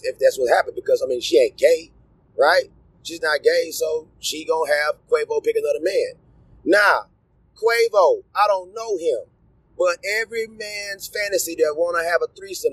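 Husky-voiced man ranting casually. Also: high voice, dry recording, low-quality recording. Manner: animated, crude, rambling, disgusted asides. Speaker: commentator. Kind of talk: casual opinion rant.

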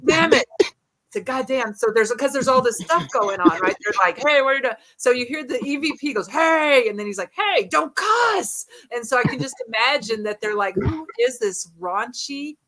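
Bright-voiced lady telling funny stories on a podcast, laughs a lot. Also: a little high, low-quality recording. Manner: animated storyteller, laughs often. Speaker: podcast co-host. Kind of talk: casual chat.

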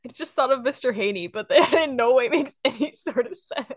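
A young woman hosting a podcast chats casually, giggly and quick to laugh. Her high-pitched voice has lively intonation, recorded at studio quality with no room sound.

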